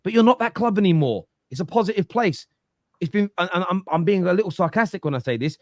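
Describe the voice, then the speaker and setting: Football fan show guy ranting, bit higher voice, dry close sound, keeps repeating himself. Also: animated, fast talker, no echo. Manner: emphatic, lecturing, repeats words. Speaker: football pundit. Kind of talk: animated football opinion talk.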